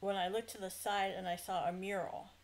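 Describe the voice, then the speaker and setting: A woman's voice: medium pitch, level tone, brisk, rough recording. A middle-aged woman from Northern California recounting a dream in a casual, rambling testimony, full of fillers and self-corrections.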